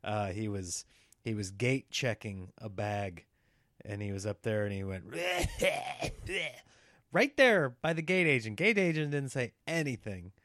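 A man in his thirties telling a story in casual chat, animated and slipping into the voices of people in it. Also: fairly low pitch, moderate pace, no echo, studio quality.

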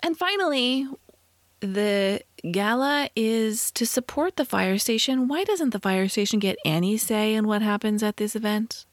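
A woman's voice: a little high, expressive, a little slow, dry recording, studio quality. A woman co-hosting a podcast, reviewing a movie in casual chat with wry, opinionated asides. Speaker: podcast co-host.

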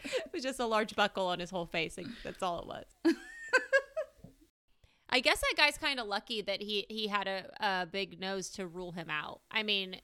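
A woman's voice: mid-range voice, lively intonation, moderate pace, sharp tone, clean tone, no echo. A woman co-hosting a casual true-crime podcast, sarcastic and joking, often laughing. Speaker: podcast co-host.

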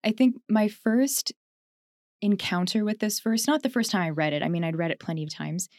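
A chatty woman tells a personal story in a relaxed conversation and often breaks into laughter. Her voice is at a middle pitch and sounds close to the mic. The room is dry. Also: fairly quick, no echo. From Canada. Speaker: podcast co-host. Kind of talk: casual reflective conversation.

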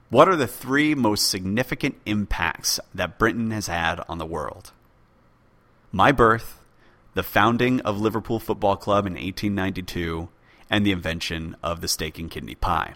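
Podcast host, male, low pitch, forceful bright tone, dry humor, close mic. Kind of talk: casual podcast talk, answering listener questions. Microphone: close USB mic with pop filter.

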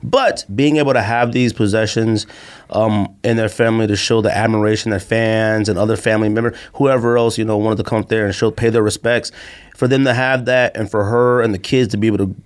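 A man's voice: on the low side, fairly even intonation, a little fast, clean tone. A man co-hosting a podcast in casual chat, rambling and filling his talk with "like" and "you know". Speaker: podcast co-host.

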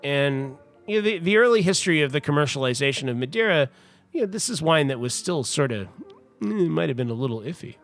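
A man's voice: on the high side, expressive, fairly quick, faint music behind. A man in a casual podcast conversation, telling a long story about wine history in a chatty, rambling way full of restarts and asides. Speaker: wine importer guest.

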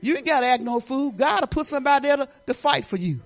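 Speaking quickly in a high-pitched voice, an older Detroit, Michigan pastor gives a lively, folksy sermon. She talks straight to her congregation, breaking into laughing asides.

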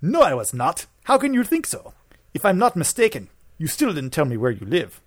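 A man's voice: a little high, huge pitch swings, normal speed, no room sound, clean studio sound. A man voicing a confused, pushy Ukrainian boy chatbot in a mock Ukrainian accent.

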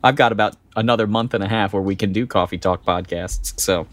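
In a dry, echo-free recording, a middle-aged man with a lowish, slightly bright voice co-hosts a relaxed podcast conversation. He wanders a little, starts over now and then, and is quick to laugh.

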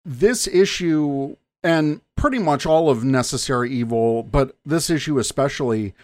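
A man hosting an interview, asking questions in a relaxed, affirming way. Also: medium pitch, a little slow, no echo. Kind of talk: casual interview chat.

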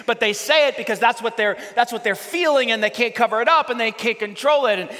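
A male pastor with a high, bright voice gives a chatty sermon full of questions to his listeners. His words ring out with the long reverb of a church hall. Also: fast talker. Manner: chatty, asks the audience questions, repeats words as he goes. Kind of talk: casual conversational sermon.

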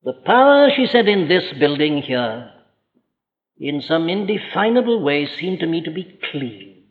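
A man preaches a sermon in a fairly high voice, firm and emphatic, asking rhetorical questions and slowing down when he quotes scripture. His words ring out with a long hall reverb. The old recording sounds dull and muffled. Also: big pitch swings.

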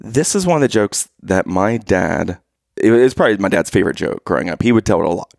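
Low gravelly guy telling dad jokes, laughs at his own stuff, voice bounces all over. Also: expressive, a little fast, darkish tone, no room sound, clean studio sound. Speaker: joke-telling husband. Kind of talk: casual dad-joke storytelling.

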